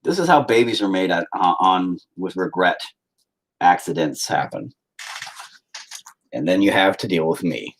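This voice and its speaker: A man's voice: animated, moderate pace, long pauses, poor audio. A man in his thirties chatting crudely and jokingly at home while painting on a livestream. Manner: crude, joking, often puts on shrill mocking voices. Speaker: artist livestreaming a painting session. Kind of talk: casual rambling livestream chat.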